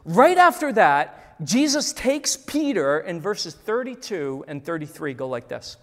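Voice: medium pitch, big pitch swings, measured pace, fairly bright tone, big-room sound. A pastor delivering a sermon to a congregation, repeating key lines and acting out the voices in the stories he tells.

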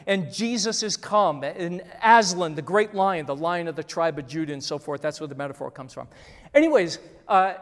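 Animated preacher in a reverberant hall. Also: mid-range voice. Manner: animated, repeating phrases, surging and dropping volume. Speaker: pastor. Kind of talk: sermon. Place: church hall.

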